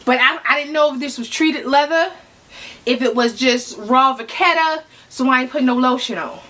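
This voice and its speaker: A woman vlogging an unboxing, chatty and full of slang, excitedly talking to herself and her viewers, breaking into laughs and whispers. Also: high voice, normal speed. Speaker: fashion vlogger.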